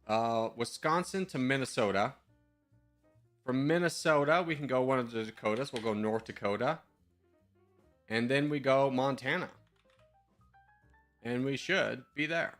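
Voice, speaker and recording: A man's voice: mid-range voice, a little slow, long pauses, a bit bright, soft background music. A male streamer in casual live-stream commentary, thinking aloud in a chatty, self-mocking way.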